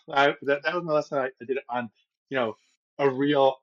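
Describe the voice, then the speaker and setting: A middle-aged man co-hosting a podcast, telling a long story in an animated, rambling way with lots of restarts. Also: medium pitch, a little fast, highs cut off. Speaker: podcast co-host. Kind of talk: casual storytelling chat.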